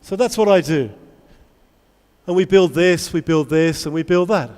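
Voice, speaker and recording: A man giving a lively conference talk to English teachers, asking the audience many questions. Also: a little high, normal speed. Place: large convention hall. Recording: long hall reverb.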